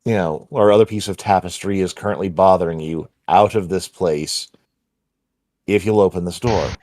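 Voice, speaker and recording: A male player in a tabletop game, speaking in a measured, polite way. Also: deep voice, steady tone, a little mellow, slight background noise.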